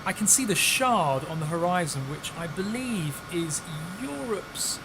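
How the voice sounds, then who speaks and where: A man's voice: high voice, expressive, measured pace, noisy background. A man hosting a live stream, chatting casually and upbeat while flying a plane in a simulator and greeting viewers. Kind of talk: casual live-stream commentary while playing a flight sim.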